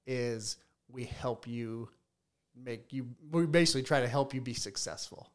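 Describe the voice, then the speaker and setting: Medium-pitched and measured, the speaker is a beekeeper running his own bee business. He chats in a casual podcast interview, his stories marked by frequent restarts and repeated words.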